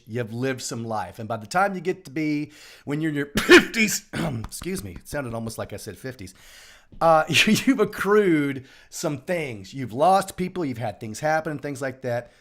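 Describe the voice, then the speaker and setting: A man with a voice on the high side hosts a daily live show, chatting casually on a live stream from a room at home over his home internet connection. He jokes and rambles, swinging quickly between loud bursts and quiet asides.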